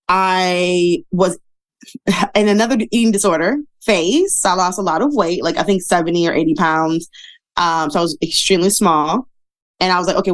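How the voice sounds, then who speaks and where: A woman appears as a guest on a podcast, a model and speaker who tells stories in a casual interview. She is animated and acts out the voices of people she quotes, jumping widely in pitch.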